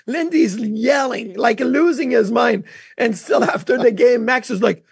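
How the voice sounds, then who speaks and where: A man with a high voice co-hosting a sports show, recorded dry and close. He tells hockey stories with animated energy. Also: unhurried, gravelly, husky, no room sound. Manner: storytelling, animated. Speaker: co-host, former goalie. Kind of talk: casual sports chat.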